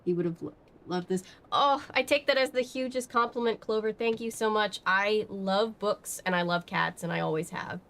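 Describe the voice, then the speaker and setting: A woman's voice: medium pitch, moderate pace, few pauses, fairly bright tone. A woman streaming from home, chatting casually and rambling with many fillers while she answers her chat. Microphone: webcam setup.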